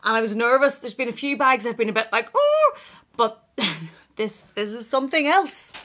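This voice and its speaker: A young woman vlogger chatting through an unboxing, excitable and giggly, tripping over her words. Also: a little high, moderate pace. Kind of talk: unboxing vlog chat.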